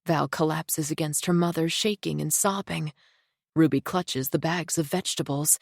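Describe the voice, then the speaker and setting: A woman reading a thriller audiobook in a tense, measured storytelling voice. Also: low voice, fairly even intonation, creaky, no room sound, studio quality. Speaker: audiobook narrator. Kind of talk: scripted thriller narration.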